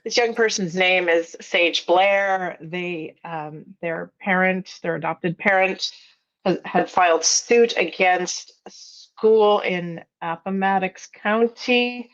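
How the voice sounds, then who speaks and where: A woman journalist and podcast host, raspy from a cold, giving thoughtful casual commentary as a guest on a live panel. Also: fairly low pitch, fairly even intonation, slow, fairly bright tone, dull audio. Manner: thoughtful, explains at length with fillers.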